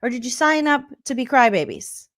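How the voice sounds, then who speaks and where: A woman's voice: high voice, lively intonation, brisk, fairly bright tone. Sarcastic ranting woman in her forties. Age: 40s. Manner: sarcastic, exasperated, swears freely. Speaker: comedian reacting to reality TV. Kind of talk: comedic reaction rant.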